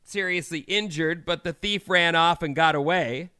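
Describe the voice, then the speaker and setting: Radio co-host, man, 30s, bright crisp voice, dry studio sound, wry news-reader delivery. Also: on the high side, moderate pace, no room sound. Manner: reads odd news stories with wry asides. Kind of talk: morning radio news banter.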